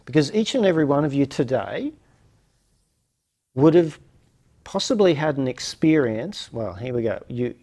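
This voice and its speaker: A man's voice: medium pitch, very animated, moderate pace, pauses often, darkish tone. A man hosting a reflective lecture series, musing aloud with many fillers and restarts. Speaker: host of a non-duality lecture series.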